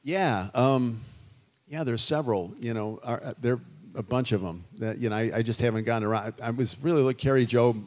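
An older man answers audience questions at a festival talkback, chatty and rambling with restarts. His voice sits at a middle pitch, and he grows animated as he talks. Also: a little fast. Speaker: guest musician.

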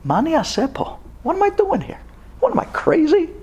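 Guy putting on a frantic young israeli dude, way higher, pleading and yelling. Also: huge pitch swings, a little fast, slight background noise, exaggerated voice. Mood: anxious. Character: panicked young Israeli man, homesick and desperate.

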